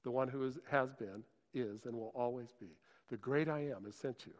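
A man doing a calm, solemn voice of God. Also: medium pitch, normal speed, long reverb tail, voice pushed down, lightly acted. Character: calm commanding voice of God, male.

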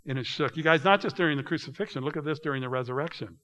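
Man preaching with loud and hushed swings. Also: on the high side, dull audio. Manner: swings from hushed, drawn-out asides to loud, emphatic scripture reading; addresses the congregation directly, often saying "you guys". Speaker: pastor. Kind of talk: sermon.

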